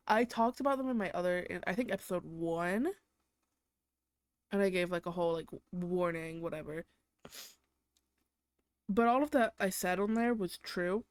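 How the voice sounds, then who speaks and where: A woman's voice: on the low side, normal speed, long pauses, no echo. A young woman hosting a solo podcast, venting in an exaggerated, profane way about everyday annoyances. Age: young adult. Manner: exaggerated, swears constantly, vents about her boyfriend. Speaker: podcast host.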